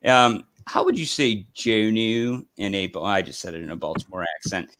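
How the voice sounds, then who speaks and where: A man's voice: fairly low pitch, normal speed, few pauses, fairly bright tone, clean tone, no echo, low-quality recording. A man hosting a casual live stream, chatting in a rambling way with lots of fillers and restarts. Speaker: host.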